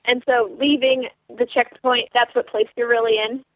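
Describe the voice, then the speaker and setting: Teen girl guest on a dry phone line; high, animated, quotes her own thoughts. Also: normal speed, no echo. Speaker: dog sled racer, interview guest. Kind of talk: storytelling over the phone.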